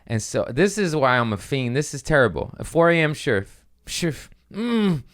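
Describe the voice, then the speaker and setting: A man hosting a comedy podcast, telling a story in a casual, profane, animated way and jumping into quick voices. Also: mid-range voice.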